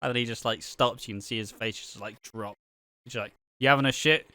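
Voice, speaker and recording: A man's voice: lowish voice, little pitch movement, brisk, sharp tone, dry recording. A man co-hosting a casual chat, joking and swearing, laughing as he mimics characters. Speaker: podcast co-host.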